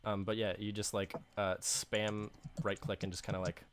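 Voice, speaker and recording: A man co-hosting a casual gaming podcast, reacting with quick remarks and frequent laughs. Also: on the low side, level tone, a little hiss or hum. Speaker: podcast co-host. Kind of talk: casual chat while gaming.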